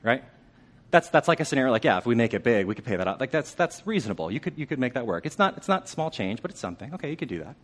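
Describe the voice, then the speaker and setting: This preacher talks very fast and is very animated, using a mid-range voice. He keeps the sermon conversational, asking the congregation questions and slipping into a hushed tone for weighty moments.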